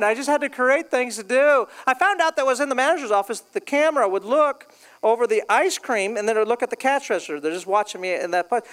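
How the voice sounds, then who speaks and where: A male pastor preaching a sermon, telling funny stories from his past and joking with the congregation. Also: very high voice. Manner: storytelling, joking, animated.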